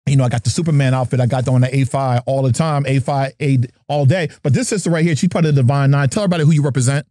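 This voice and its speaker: A man's voice: mid-range voice, very fast, dark tone, dry recording, studio quality. A middle-aged man from New Jersey hosting his podcast in a playful, jokey, hype manner. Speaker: podcast host. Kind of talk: lively podcast chat.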